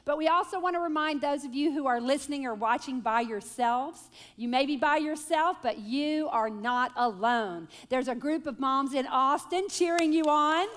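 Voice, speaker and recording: A woman in her forties speaking to a moms' group, telling stories in an animated, self-deprecating way and leading a prayer. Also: sits high, moderate pace, few pauses. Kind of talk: live talk with prayer and storytelling. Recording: long hall reverb.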